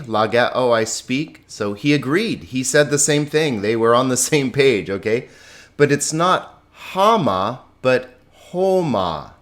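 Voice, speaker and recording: A male teacher walking students through a grammar lesson at a slow, deliberate pace. His voice sits in an ordinary middle range. He stresses key words and chuckles lightly as he explains. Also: medium pitch, a bit bright. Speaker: Greek teacher.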